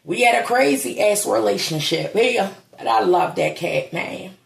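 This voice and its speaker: At home and grieving, a woman records a casual vlog monologue, swallowing tears as she speaks bluntly and swears now and then. Her mid-range voice is expressive, unhurried and fried at the edges, and the room echoes.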